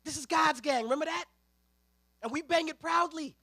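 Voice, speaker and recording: Male preacher, very high and bright voice, dry close sound, lively storytelling sermon with slang. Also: moderate pace, vocal fry, no room sound. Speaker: ministerial intern preaching.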